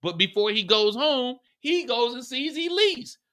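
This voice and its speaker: A man hosting a live after-show, recapping a TV episode with animated, profane storytelling. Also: extremely high pitch, unhurried. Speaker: host.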